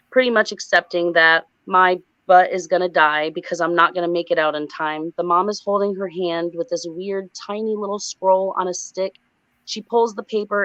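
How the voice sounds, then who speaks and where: A woman recounting a frightening dream as a guest on a livestream, animated and breathless. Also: fairly low pitch, dry recording. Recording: dull lo-fi sound.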